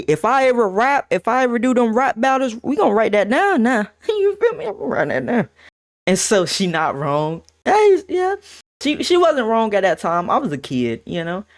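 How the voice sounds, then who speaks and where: A young man chats to his stream audience in a loose, unscripted storytime. His pitch swings widely as he gets animated and acts out quotes from people in the story, breaking into laughter along the way. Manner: animated, laughs, quotes others in shifting voices. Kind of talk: casual storytime to stream chat.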